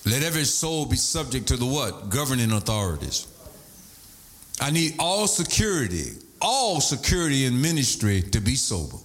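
A man preaching a sermon, animated, breaking into shouts and sing-song emphasis. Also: mid-range voice, moderate pace.

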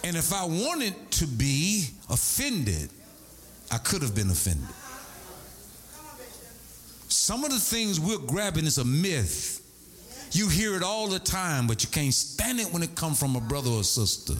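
A middle-aged man preaching a sermon from the pulpit, telling stories in an animated way that swings between high and low. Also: a little slow, long pauses. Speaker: pastor.

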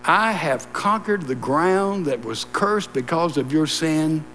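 A preacher voicing boastful farmer Cain. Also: male voice, on the high side, animated, slow pace, fairly bright tone. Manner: boastful, insistent. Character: Cain, a boastful, proud young male farmer. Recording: long reverb and mains hum in a church.

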